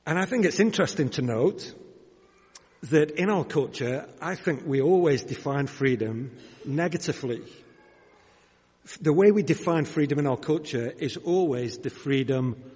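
A man with a Yorkshire accent preaching a sermon in a measured, conversational way, asking his listeners questions. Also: a little high, expressive, darkish tone, husky, big-room sound. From Yorkshire, England.

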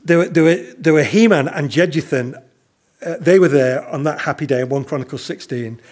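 A man preaching a sermon at a slow, measured pace, stressing his key questions. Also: a little high, darkish tone.

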